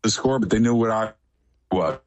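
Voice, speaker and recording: A man's voice: lowish voice, normal speed, no echo. A man guest in a casual radio interview, telling long, rambling stories in a matter-of-fact way.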